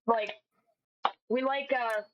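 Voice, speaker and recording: A woman guest on a podcast, chatting casually and in an animated way. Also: fairly high pitch, slow pace, muffled recording. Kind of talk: casual chat.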